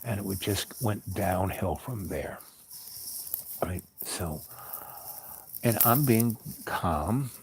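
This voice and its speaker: Man, deep voice, storytelling host, rambling, calm, wry. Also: slow, creaky, pauses often, noisy background. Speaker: podcast host. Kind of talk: personal storytelling monologue.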